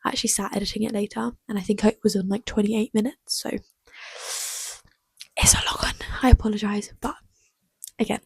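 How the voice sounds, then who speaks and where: A young woman chats about her reading in a breathy, husky voice, warm and mellow in tone. She gushes and often slips into a half whisper. The sound is close and dry. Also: medium pitch, level tone, brisk, long pauses, dry recording. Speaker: book vlogger. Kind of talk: casual chat.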